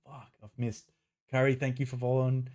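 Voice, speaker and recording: A man live-streaming a game, chatting casually with viewers, greeting them by name and laughing and swearing easily. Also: normal speed. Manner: chatty, greets viewers by name, bursts of excited rising pitch.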